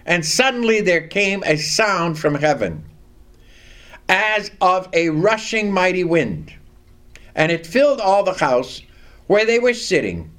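A man preaching a sermon, reading scripture aloud and leading the congregation to repeat lines after him, stressing key words deliberately. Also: high-pitched, very animated, fairly bright tone.

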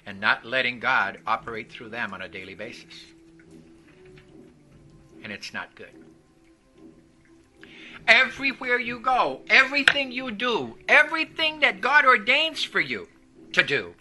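A man with a very high voice preaches a sermon. His delivery is emphatic and he keeps drawing answers from the congregation. The sound is sharp and bright. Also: wildly swooping pitch, a little slow, long pauses, rough recording. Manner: emphatic, calls for responses from the congregation.

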